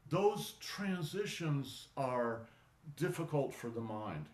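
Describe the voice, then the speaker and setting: A man teaching an online qigong class, talking in a relaxed, conversational way that often stops and restarts. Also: medium pitch, slow. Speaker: qigong instructor. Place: indoor studio for online class. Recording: roomy echo.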